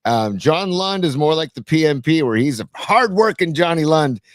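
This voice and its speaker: A man co-hosting a sports talk show, relaxed and full of sports trivia in casual banter. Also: on the high side, normal speed, no echo, studio quality. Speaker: podcast co-host and youth coach.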